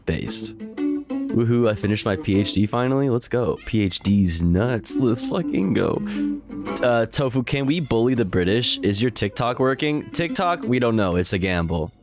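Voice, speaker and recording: A man's voice: mid-range voice, expressive, moderate pace, over music. A man hosting a livestream, casually chatting and joking as he greets viewers by name one after another. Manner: playful, jokey, greets chat members one by one. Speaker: livestream host.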